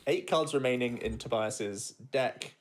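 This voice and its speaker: A man with a mid-range voice co-commentates a competitive card game. He sounds relaxed and laughs lightly as he breaks down each play. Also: mid-range voice, measured pace. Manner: relaxed, chuckles often while explaining.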